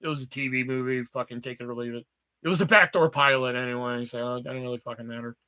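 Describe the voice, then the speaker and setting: A man in his thirties hosting a casual livestream, rambling and swearing as he tells animated stories. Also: medium pitch, quick pace, clean tone. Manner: rambling, profane, animated storytelling. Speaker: livestream host.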